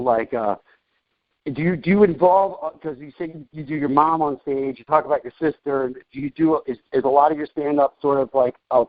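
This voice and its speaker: Joking and rambling through a laid-back interview, this podcast host keeps restarting his sentences. He has a medium-pitched voice with no room sound, and the audio is dull, dry, and lo-fi.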